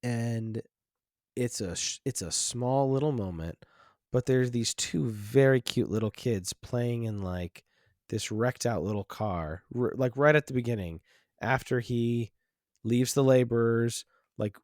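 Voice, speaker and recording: A man's voice: medium pitch, unhurried, a little mellow, no room sound, studio quality. Reflective man hosting a film podcast. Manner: rambling, many restarts and fillers, reflective. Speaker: podcast host. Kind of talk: casual film discussion.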